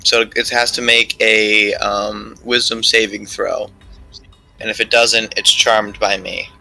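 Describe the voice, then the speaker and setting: A man playing a tabletop game, soft-spoken and unsure, checking the rules aloud. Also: fairly low pitch, little pitch movement, slow, gravelly, faint music behind, rough recording. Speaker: player. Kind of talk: casual tabletop play.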